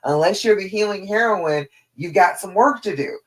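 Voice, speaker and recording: A woman's voice: medium pitch, expressive, moderate pace. A woman love coach giving a live-streamed coaching talk, direct and encouraging, often checking in with "okay?" between points.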